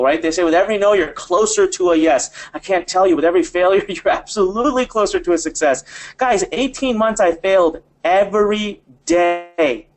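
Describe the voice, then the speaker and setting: A man hosting a live motivational webinar, speaking emphatically, repeating phrases and addressing the viewers directly. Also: high-pitched. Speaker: webinar host.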